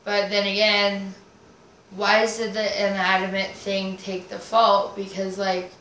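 A woman's voice: mid-range voice, monotone, slow pace, fairly bright tone. Guest spot: woman rambler, free-associating, coins words, curses, roomy room. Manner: rambling, swearing, invents nonsense words. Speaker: podcast guest. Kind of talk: casual rambling chat. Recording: roomy echo, faint noise.

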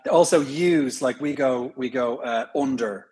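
A middle-aged Irish actor with an accent slightly blended with London and American tones is a guest in a casual interview, laughing readily and explaining through examples. His mid-range voice is unhurried, a little mellow, and breathy at the edges.

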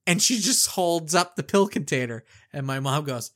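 A middle-aged man co-hosting a podcast, telling a childhood story in a casual, animated way and acting out the quotes. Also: a little high, moderate pace. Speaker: podcast co-host.

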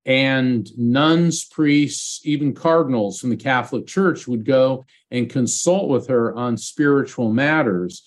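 A middle-aged man, a guest psychic medium, telling animated stories in an interview and acting out quotes. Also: medium pitch, slow pace, hardly any pauses. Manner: animated anecdotes with acted quotes. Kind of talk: storytelling interview.

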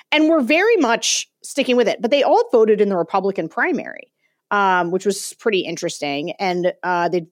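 Animated woman telling a story. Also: fairly low pitch, dry recording, clean studio sound. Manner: animated storytelling, laughs often. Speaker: podcast co-host. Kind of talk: casual political chat.

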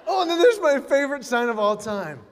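A middle-aged man performing animated stand-up comedy, breaking into shouted, acted-out quotes. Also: extremely high pitch, fairly quick, a faint crowd. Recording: live hall with long reverb, faint noise.

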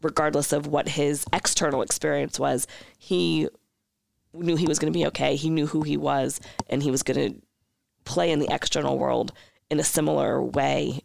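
A man's voice: a little high, fairly even intonation, normal speed, vocal fry, no echo. A man co-hosting a podcast, chatting casually and searching for his words with many fillers. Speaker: podcast co-host. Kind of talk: casual conversation.

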